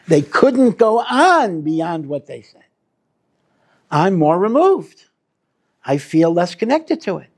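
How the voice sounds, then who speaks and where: A man, a rabbi, teaching a weekly Torah class in an earnest, unhurried way, using many Hebrew terms and leaning hard on his key lines. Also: mid-range voice, vocal fry, darkish tone, husky. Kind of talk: Torah lecture.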